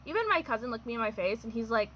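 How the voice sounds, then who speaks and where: A woman's voice: fairly high pitch, lively intonation, rapid-fire, muffled recording, slight background noise. A young adult woman telling a personal storytime in a chatty, wry way, full of fillers and laughs. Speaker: vlogger. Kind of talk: casual storytime.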